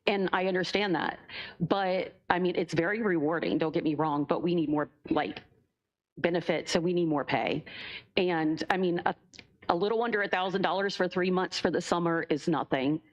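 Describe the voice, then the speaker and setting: A woman's voice: lowish voice, normal speed. A young woman, a school bus driver, speaking nervously and emotionally during public comment, with many fillers. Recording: dull lo-fi meeting recording.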